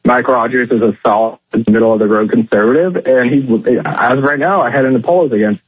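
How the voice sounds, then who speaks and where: Male phone-in commentator, husky voice, tinny dry phone line, measured and filler-heavy. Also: medium pitch, no room sound. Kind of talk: talk radio phone interview. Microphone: telephone.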